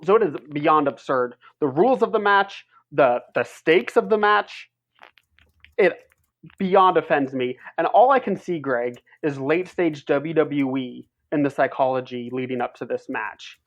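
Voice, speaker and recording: A man's voice: fairly high pitch, unhurried, muffled recording. A man co-hosting a wrestling podcast in a casual chat, ranting heatedly and swearing as he talks.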